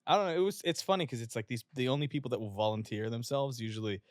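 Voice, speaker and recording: A man's voice: mid-range voice, rapid-fire, dry recording, clean studio sound. A young man from West Virginia, a fitness influencer, telling stories in a casual, profane way and acting out the people he quotes. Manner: profane, animated storyteller who acts out quotes. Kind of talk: casual storytelling. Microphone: podcast studio microphone.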